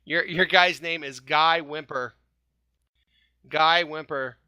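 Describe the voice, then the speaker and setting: A man's voice: a little high, steady tone, slow pace, bright, forceful tone, clear, resonant tone, dry recording. A man hosting a casual fan podcast, running a name quiz, joking and laughing often as he spells out names. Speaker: podcast host. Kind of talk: casual panel chat, quiz game.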